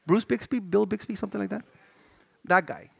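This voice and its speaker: Animated high-voiced male preacher. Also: fairly quick, gravelly, breathy edge, no room sound. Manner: animated, shifts between shouting and low murmurs; conversational, stammering restarts. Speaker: pastor. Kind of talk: sermon.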